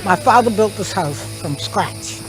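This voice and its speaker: A woman talks in an easy, homely way at a middle pitch while she shows how she cooks. Faint music plays under her voice at an outdoor family barbecue. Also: expressive, unhurried. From South Carolina, USA. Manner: homely, explaining as she demonstrates. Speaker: caterer and cookbook author. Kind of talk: casual talk while cooking.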